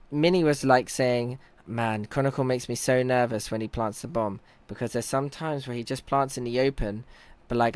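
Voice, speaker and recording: Brief: young man, mid-pitched and close, dry sound, casual self-teasing match breakdown. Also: clean tone, no room sound. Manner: chatty, analytical, self-teasing. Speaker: team captain and in-game leader. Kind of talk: casual commentary over match footage.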